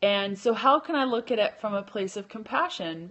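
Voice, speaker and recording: A woman's voice: medium pitch, lively intonation, normal speed, few pauses, fairly bright tone, highs cut off. A woman hosting a casual live stream, chatty and loose, using lots of fillers and correcting herself as she goes. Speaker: podcast host and keto blogger.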